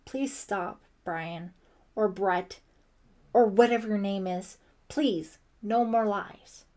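Woman doing a scared mad teen girl in an audiobook, loud and slow, accusing. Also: mid-range voice, natural voice. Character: frightened angry teenage girl. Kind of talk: audiobook character voice.

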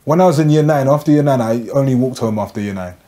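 A man's voice: mid-range voice, fast talker, mellow. A young man with a London accent telling comic stories in slangy street talk, saying bruv at every turn. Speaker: storyteller. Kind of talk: comedic storytelling.

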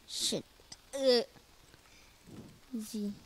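A woman narrating her own game, speaking slowly and a little high. She sounds jumpy and nervous, muttering to herself with small grammar slips in her English. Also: steady tone, a little hiss or hum. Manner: jumpy, nervous, talks to herself while playing. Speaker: gamer. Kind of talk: casual let's-play commentary.

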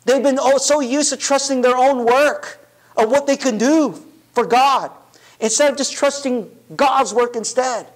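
A man's voice: very high voice, a little slow. A man preaching a sermon in a conversational way, often asking "right?" and correcting himself as he goes. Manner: conversational preaching, frequent "right?" and "you know" asides; restarts and self-corrections. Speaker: pastor.

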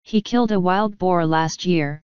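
Anxious male nobleman, plain read; woman narrator voices him, smooth and dry. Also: on the low side, a little slow, darkish tone, no room sound, highs cut off, close to an everyday voice. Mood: pleading. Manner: pleading, then stunned. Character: worried middle-aged male lord, baron.

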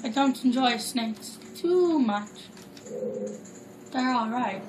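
A woman's voice: fairly high pitch, lively intonation, slow pace, background noise. A woman giving rambling, jokey, casual commentary while playing a video game. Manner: rambling, chatty, jokey asides. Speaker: gameplay commentator. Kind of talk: casual let's play commentary. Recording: roomy echo with loud game music.

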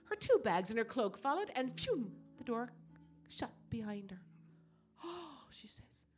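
A woman storyteller telling a folk tale in an animated, dramatic way. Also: fairly high pitch, normal speed, soft background music.

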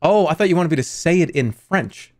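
A man's voice: fairly high pitch, animated, fairly quick, darkish tone, no room sound, studio quality. A man streaming a game with friends, joking and laughing easily in casual chat.

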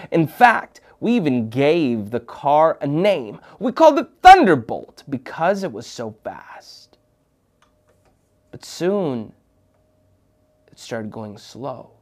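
A man from Minnesota hosting a children's show, telling a story dramatically and dropping into whispers for suspense. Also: fairly high pitch. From Minnesota, United States. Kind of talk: storytelling for kids.

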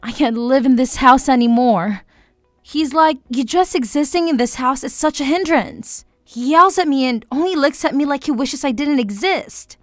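Casting: a woman playing a begging teen daughter, high and bright, dry close sound, soft music under. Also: moderate pace, no room sound, natural voice. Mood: pleading. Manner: pleading, tearful. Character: desperate teenage girl begging her mother.

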